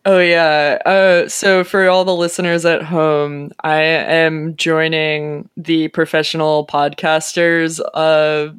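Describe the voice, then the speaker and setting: A woman's voice: deep voice, little pitch movement, takes it slowly, few pauses, clear, resonant tone. Rambling, self-mocking woman podcast co-host. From New York City. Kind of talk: casual chat. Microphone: microphone on a stand.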